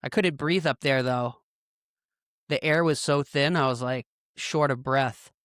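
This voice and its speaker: A man's voice: mid-range voice, a little slow, a bit bright, no room sound, studio quality. A young man hosting a podcast, chatting in a laid-back, rambling way full of "like" and "bro.". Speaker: podcast host. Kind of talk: casual chat.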